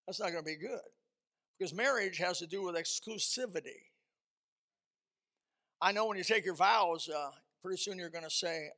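A man preaching a sermon, telling a counseling story and repeating words for stress, his voice swelling louder at key points. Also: sits high.

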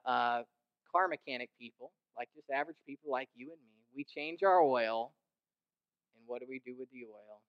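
A young man preaching a sermon, animated and conversational, who slips into mimicking the people he describes and rises in pitch and volume to drive a point home. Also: clear, resonant tone, muffled recording. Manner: animated, mimics others in quoted asides, rises in pitch and volume when emphatic. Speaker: pastor.

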